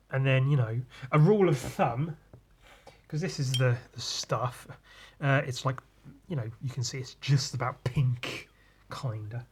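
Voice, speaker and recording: Slightly tipsy, a man hosting his own podcast rambles through a casual monologue in a mid-range voice with a breathy edge. He keeps losing the thread and beginning again.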